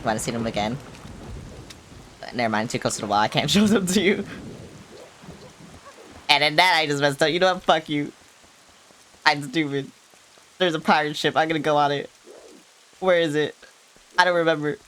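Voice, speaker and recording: A woman with a notably low voice streams a video game. She talks in a hyper, rambling way, full of playful swearing and sudden asides. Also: brisk, long pauses, fairly bright tone, slight background noise. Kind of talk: casual gaming livestream chatter.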